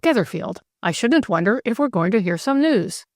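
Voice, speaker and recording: A woman's voice: mid-range voice, animated, normal speed, a little mellow, no room sound, clean studio sound, natural voice. A woman voicing a genteel older male country vicar who speaks earnestly and exclaims easily. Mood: fussy.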